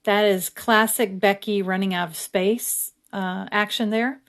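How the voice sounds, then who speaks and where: A woman casually explaining her journaling steps as she works, now and then slowly reading verses aloud. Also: medium pitch. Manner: relaxed, chatty, reads verses aloud slowly. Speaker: creator. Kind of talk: casual craft tutorial narration.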